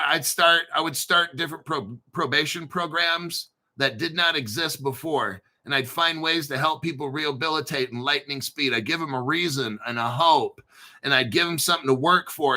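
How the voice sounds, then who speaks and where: A man's voice: a little high, sharp tone. A man hosting a crypto channel, talking casually off the cuff in a blunt, boastful way full of swearing. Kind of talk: casual unscripted livestream talk.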